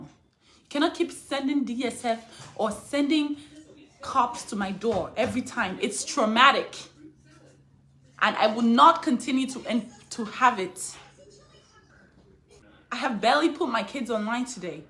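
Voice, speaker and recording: A woman speaks out as a mother in an emotional statement, hammering the same lines again and again. Her voice sits a little high and rises into loud anger. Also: lively intonation, normal speed. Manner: emphatic and repetitive, building to raised anger. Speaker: mother speaking out in a posted video.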